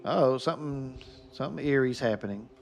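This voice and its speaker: A man's voice: medium pitch, a little fast, slight background noise. A man casually commenting on a game during a live stream and chatting with his viewers by name.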